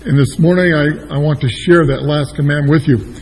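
A man's voice: a little high, fairly even intonation, a little fast, a little mellow, husky, in a large hall, low-quality recording. A man pastoring a church, giving an informal sermon with many fillers. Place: church sanctuary.

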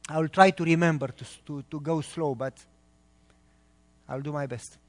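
A man from Romania with a Romanian accent, preaching a sermon earnestly and speeding up when excited. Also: a little high. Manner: earnest, talks quickly when excited, pauses between phrases. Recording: long reverb of a large hall.

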